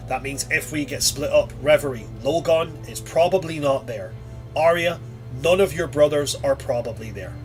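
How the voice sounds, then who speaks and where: A man narrating as game master, animated and stammering when excited, with some swearing. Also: fairly high pitch, moderate pace, faint music behind.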